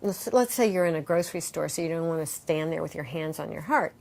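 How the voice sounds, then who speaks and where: Animated middle-aged woman teaching yoga. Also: sits low, quick pace, gravelly. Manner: animated, acts out quoted voices, guides breathing. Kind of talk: conversational interview, guiding exercises.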